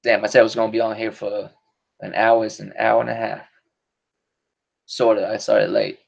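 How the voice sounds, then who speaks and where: Gravelly-voiced man rambling on a lo-fi stream. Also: lowish voice, animated, moderate pace. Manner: rambling and profane, laughs often. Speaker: podcast host. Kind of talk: casual solo stream chat.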